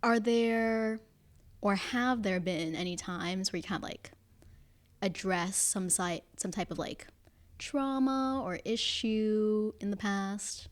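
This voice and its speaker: A woman's voice: medium pitch, takes it slowly. A young woman with a Californian accent hosting a community podcast, asking questions hesitantly and murmuring agreement. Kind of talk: casual chat.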